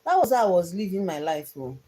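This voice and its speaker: A woman's voice: lowish voice, big pitch swings, fast talker, warm tone, slight background noise, low-quality recording. A young woman earnestly telling her life story to viewers on a phone livestream, often repeating herself. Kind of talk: casual personal storytelling on a livestream.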